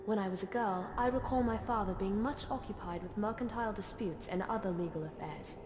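An actress playing a grave woman of Gondor who tells of the past in a measured, formal way, in echoey game audio. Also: medium pitch, crowd noise, close to an everyday voice. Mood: solemn.

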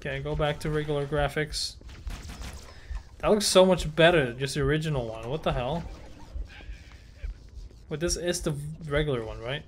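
A man giving let's play commentary on a shooter game, frustrated and swearing, shouting at enemies. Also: fairly high pitch, moderate pace, long pauses, a little hiss or hum. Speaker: gaming YouTuber.

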